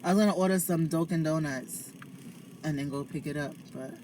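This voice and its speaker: Chatty New York woman, low voice. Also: a little fast, a little mellow, a little hiss or hum. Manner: chatty, talks to viewers and family between stories. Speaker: live streamer. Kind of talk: casual chat. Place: inside a parked car. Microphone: phone.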